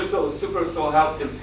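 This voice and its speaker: A man, a monk lecturer, telling a story in a scripture class, chuckling often and filling his pauses with "uh". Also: a little high, fairly bright tone. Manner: storytelling with chuckles and frequent fillers. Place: lecture room at a farmstead. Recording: echoey room, distant mic, faint hiss.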